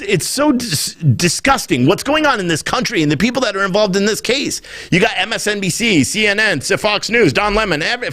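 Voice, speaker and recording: A man's voice: high-pitched, fairly bright tone. A man hosting a podcast, ranting in heated, profane political commentary, openly irritated. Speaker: podcast host.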